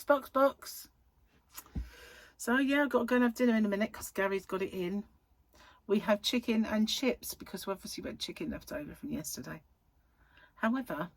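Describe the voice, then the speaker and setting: A woman's voice: mid-range voice, dry recording. A woman in her thirties, a crochet vlogger chatting casually in a rambling way, full of fillers. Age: 30s. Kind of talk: casual chat.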